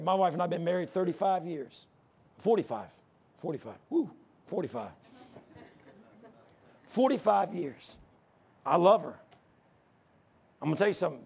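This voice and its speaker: An older man preaching a sermon, swinging from shouting to hushed storytelling, with a gravelly, husky voice. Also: fairly high pitch. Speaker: pastor.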